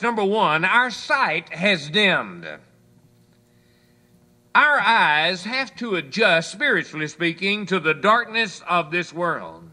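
A male preacher with a high, bright voice that swings lively up and down. He tells homespun stories and reads scripture, sinking into quiet low asides between points. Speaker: pastor. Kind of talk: sermon with folksy illustrations.

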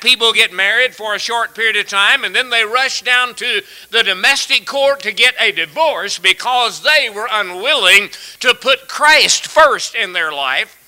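A man's voice: sits high, bright, forceful tone, rough recording. A man preaching a sermon in a folksy, earnest way, telling a humorous story to his congregation. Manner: folksy, earnest, tells stories and jokes.

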